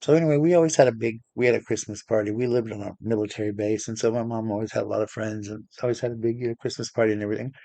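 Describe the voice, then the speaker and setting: A man's voice: fairly low pitch, fairly even intonation, rapid-fire, gravelly, few pauses, dark tone, no echo. A man vlogging, telling a long personal story in a chatty, rambling way with many restarts. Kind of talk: casual storytelling to camera.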